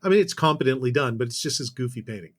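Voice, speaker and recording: A man's voice: medium pitch, lively intonation, rapid-fire. Canadian man telling a rambling story. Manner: rambling anecdotes with self-corrections and dry asides. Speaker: guest. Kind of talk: casual storytelling.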